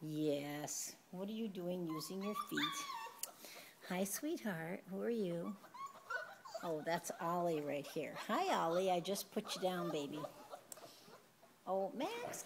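A woman's voice: on the low side, big pitch swings, measured pace, noisy background. A woman filming her puppies at home, chatting and cooing to them in baby talk. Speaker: puppy owner filming her litter. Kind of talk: casual home video narration. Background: puppies playing and yelping.

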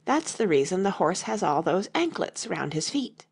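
A woman's voice: lowish voice, big pitch swings, normal speed, vocal fry, slightly rough, exaggerated voice. A woman voicing a fussy, earnest old male knight inventor in an audiobook reading. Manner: earnest, anxious, solemn.

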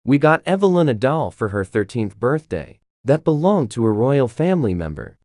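A young woman voicing a grieving middle-aged father, reading game notes aloud in a slow, halting way. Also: very deep voice, sing-song, mellow, no room sound, clean studio sound, voice pushed down, exaggerated voice. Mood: grave. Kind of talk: game dialogue read aloud.

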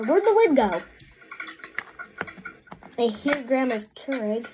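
This woman has a high voice with lively intonation, but she takes it slowly, leaving long pauses. She's a vlogger at a home work table casually talking through a messy craft, flustered and sorry as things go wrong, with slight noise behind her.

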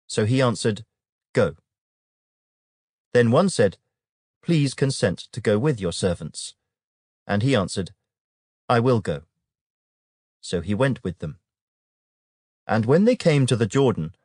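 A man with a fairly low voice gives a measured, solemn scripture reading. The sound is close and dry, with no room around it. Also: darkish tone, no echo. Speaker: Bible reader.

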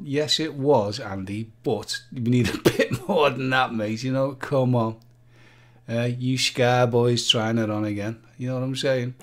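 Man, playful live-stream quiz host, joking, reads chat names. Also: mid-range voice. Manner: jokey, sings jingles, reads out viewer names.

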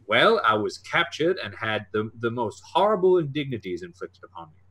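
A man's voice: mid-range voice, big pitch swings, normal speed, sharp tone. A man voicing a flustered, pot-bellied older male salesman held prisoner, who stammers and repeats his words in a folksy, chatty way.

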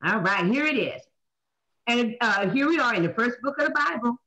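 A woman, hosting a Bible talk show as a minister, preaching in an animated way and asking and answering her own questions. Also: fairly high pitch, moderate pace. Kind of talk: animated Bible study teaching. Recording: dull lo-fi sound.

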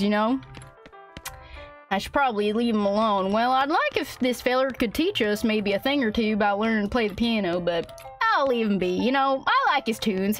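A young woman streaming a game, reading its text aloud and chatting in a hammy, folksy put-on cowboy drawl. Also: on the high side. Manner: reads game text aloud, laughs often. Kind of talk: playful let's-play commentary. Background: faint game music.

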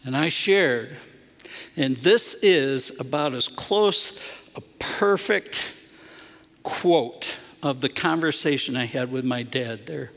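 A middle-aged man preaching a sermon, telling a personal story earnestly and swinging from hushed moments to emphatic ones. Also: mid-range voice, takes it slowly, gravelly, in a large hall. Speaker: pastor. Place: church sanctuary.

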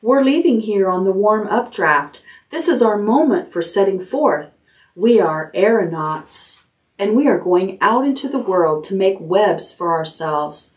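A woman's voice: mid-range voice, animated, measured pace, close to an everyday voice. Woman doing tiny cheerful baby spiders. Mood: calm. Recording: voice a little distant from the mic.

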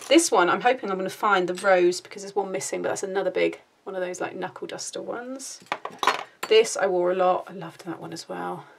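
A woman from the UK, a craft vlogger, chatting casually and gushingly while showing off her collection, often murmuring softly, a little out of breath. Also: mid-range voice, gravelly, slight background noise. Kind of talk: casual show-and-tell chat. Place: home, sitting down.

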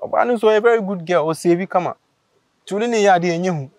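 A man, casually telling a story on a vlog, animated and laughing as he acts out what people said. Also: sits high, fast talker, no room sound. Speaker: vlogger host.

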